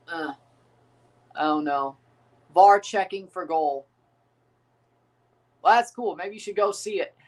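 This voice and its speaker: High-voiced man chatting through a livestream. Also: a bit bright, far from the mic. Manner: chatty, repeats phrases, answers chat viewers. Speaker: livestream host reacting to a match. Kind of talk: casual live watchalong commentary.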